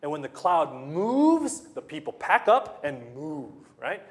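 A man's voice: fairly high pitch, very animated, takes it slowly. A man preaching a sermon, emphatic, repeating phrases and putting rhetorical questions to the congregation.

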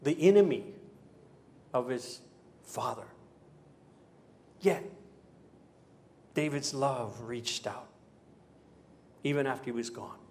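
A man preaching a sermon, telling a story dramatically and moving between emphatic passages and hushed ones. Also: mid-range voice, animated, slow pace, long pauses. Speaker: pastor.

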